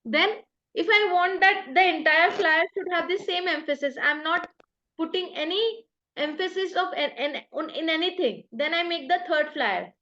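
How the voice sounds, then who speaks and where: High-voiced Indian woman leading an online workshop. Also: moderate pace, sharp tone, muffled recording. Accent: Indian English. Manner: patient, explains step by step with examples. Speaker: workshop trainer. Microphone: video call.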